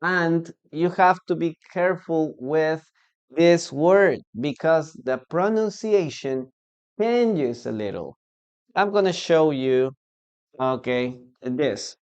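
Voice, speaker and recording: A man with a Peruvian Spanish accent teaching an online English lesson, slow and deliberate, repeating words for learners. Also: a little high, expressive, a little mellow, clear, resonant tone, lo-fi sound.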